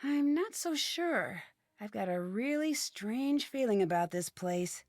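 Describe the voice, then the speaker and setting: A level-headed young woman detective in a mystery video game. Her voice sits fairly high and earnest, recorded close and dry with no room sound. She sounds curious and steady. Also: slow pace, dry recording, faint music behind. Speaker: game protagonist.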